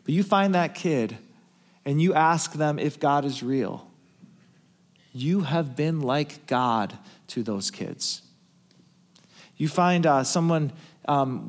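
Man preaching a story-driven sermon. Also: fairly high pitch. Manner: hushed, tender retelling that rises to emphatic calls. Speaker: pastor.

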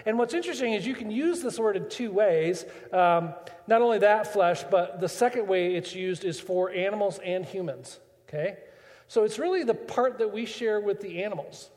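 A man's voice: sits high, animated, normal speed, darkish tone, long reverb tail. A man preaching a sermon as pastor, chatty and full of rhetorical questions.

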